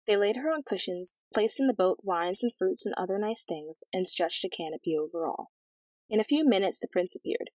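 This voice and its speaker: A woman's voice: mid-range voice, brisk, a little mellow, no room sound, poor audio. Woman reading a fairy tale aloud. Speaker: narrator. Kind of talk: storybook audiobook reading.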